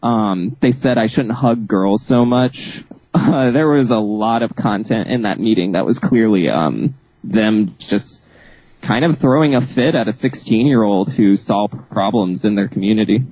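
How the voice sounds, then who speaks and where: A man with a low, husky voice tells a story about his past in an animated, casual way, laughing easily and stumbling over fillers. The audio is dry and a little dull, like a remote interview recording. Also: a little slow, no echo. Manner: animated, laughs often, many fillers and restarts. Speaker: author guest.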